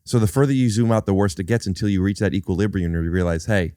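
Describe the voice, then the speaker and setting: A man hosts a loose comedic conversation with a fairly low voice. He wanders through his thoughts and often restarts mid-sentence. The sound is dry and close, with no room echo. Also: quick pace, dark tone, clean tone. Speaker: podcast host. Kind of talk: casual comedic chat.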